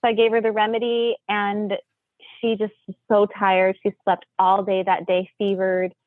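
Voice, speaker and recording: A woman telling a family story in a chatty, animated way, laughing often. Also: mid-range voice, normal speed, dry recording. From United States. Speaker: podcast guest, homeschooling mother. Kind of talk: casual storytelling. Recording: tinny phone-line sound, dry.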